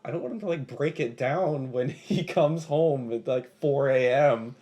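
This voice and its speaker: A man's voice: mid-range voice, a little slow, mellow. A man playing a tabletop game, joking and laughing often. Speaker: player. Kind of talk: casual tabletop play.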